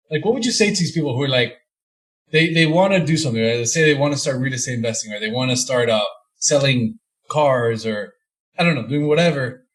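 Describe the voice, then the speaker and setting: A man's voice: a little high, brisk, poor audio. A man hosting a casual podcast interview, asking long, loose questions full of slang and restarts. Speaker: podcast host.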